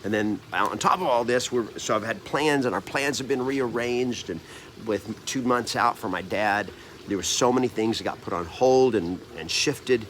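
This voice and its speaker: A man's voice: fairly low pitch, normal speed, fairly bright tone, a little hiss or hum. A man in his fifties, a coach, telling a personal story to camera in an earnest, rambling way, restarting and correcting himself often. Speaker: real estate trainer and coach.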